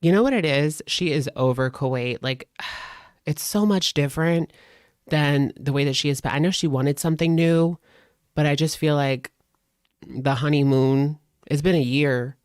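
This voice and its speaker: Snarky gossip host with a smooth voice. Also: medium pitch, normal speed, no echo, clean studio sound. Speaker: reaction channel host. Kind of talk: gossip reaction commentary.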